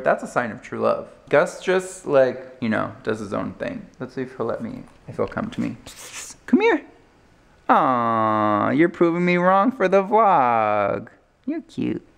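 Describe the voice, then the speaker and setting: Casual vlogging man, chatty and jokey, handheld camera feel, slightly gravelly. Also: medium pitch. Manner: chatty, joking, rambling asides. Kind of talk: casual vlog chat. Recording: background music over voice.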